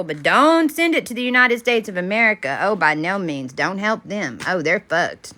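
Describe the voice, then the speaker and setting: A woman's voice: medium pitch, expressive, moderate pace, few pauses, pushed and bright. A woman delivering a rambling spiritual monologue as a self-styled channeler, intense, repetitive and often profane.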